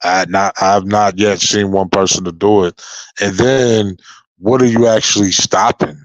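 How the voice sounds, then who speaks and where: A man's voice: on the low side, fairly even intonation, normal speed, dry recording, lo-fi sound. A young man giving an unscripted freestyle rant on his channel, profane and confrontational, often repeating and restarting his words. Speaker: YouTuber.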